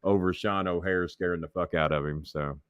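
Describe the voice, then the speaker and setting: Middle-aged man, low voice, dry close sound; raunchy storyteller who swears freely and does voices for the people in his tales. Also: fairly even intonation, moderate pace, clean tone, no room sound, highs cut off. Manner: swears freely, acts out others' voices, laughs mid-story. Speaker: wrestling manager and commentator guest. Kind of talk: profane storytelling in an interview.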